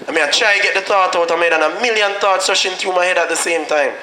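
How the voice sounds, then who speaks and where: A Jamaican man with a slightly high voice gives a motivational graduation speech. He tells his story earnestly into a microphone, and the sound carries through an echoey hall with faint noise behind him. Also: quick pace, bright, forceful tone. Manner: earnest storytelling, slips into patois when quoting himself. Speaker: guest speaker at a graduation. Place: school graduation ceremony.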